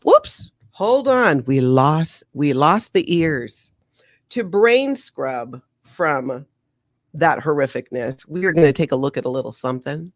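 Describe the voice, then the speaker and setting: A woman hosting a casual livestream, chatty and animated, laughing often. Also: deep voice, no room sound, studio quality. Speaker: livestream host.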